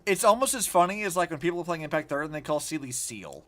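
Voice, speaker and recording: Male streamer, casual game commentary, profane rants, very animated pitch. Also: quick pace. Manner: rambling, profane, animated ranting. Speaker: vtuber streamer.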